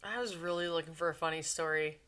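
A woman co-hosting a casual podcast with a bright, sharp voice. Her delivery is dry and wry, landing deadpan quips in a relaxed chat. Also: deep voice, fast talker. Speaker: podcast co-host.

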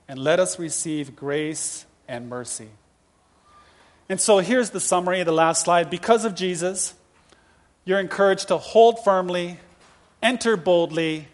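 A male pastor in his fifties preaching a sermon with lively, humorous storytelling. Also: on the high side. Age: 50s.

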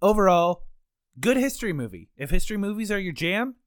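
A man's voice: sits high, sing-song, a little fast, dry recording. A young man co-hosting a podcast, chatting casually with dry, wry humor. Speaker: podcast co-host. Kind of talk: casual chat.

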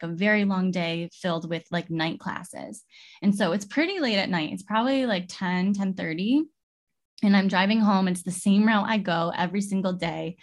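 Young adult woman, conversational guest sharing a story, loose and rambling with frequent restarts. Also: medium pitch. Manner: rambling, filler-heavy storytelling with many restarts. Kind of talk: casual heartfelt conversation.

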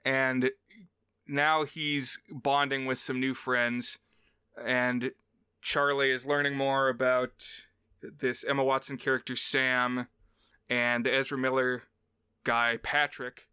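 A man co-hosting a podcast in easy casual chat, his voice bright, forceful and smooth. He talks playfully and slips into short accent impressions, recorded dry and close with no room sound. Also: mid-range voice, little pitch movement, takes it slowly, no echo. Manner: chatty, playful, mimics accents in short bits. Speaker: podcast co-host.

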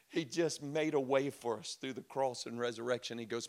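A man's voice: medium pitch, fairly even intonation, fairly quick, few pauses, darkish tone. A middle-aged man preaching a sermon, telling stories in a chatty way and acting out quotes. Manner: conversational storytelling with laughs and acted quotes. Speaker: pastor.

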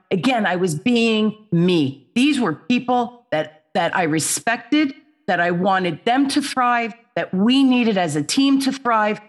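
A middle-aged woman, a guest on a podcast, telling a story in an animated, expressive way. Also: mid-range voice. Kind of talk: storytelling in an interview.

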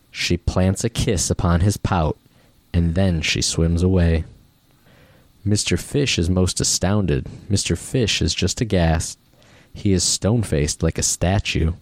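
A man reading a children's picture book aloud in a steady, rhyming rhythm. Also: low-pitched, dry recording. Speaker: storybook reader.

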